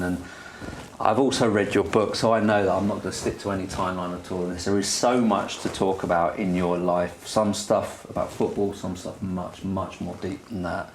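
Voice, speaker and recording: A man's voice: low voice, slight background noise. A man hosting a football interview podcast in a recording studio, chatty and thorough, restarting his questions often. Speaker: podcast host.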